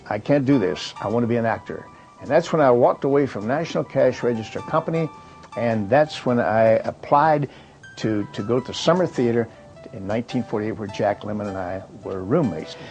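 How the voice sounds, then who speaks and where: A man's voice: medium pitch, a little mellow. An older man from Kentucky, a retired actor, recalling his career in a rambling way with fillers and restarts. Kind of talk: reminiscing monologue.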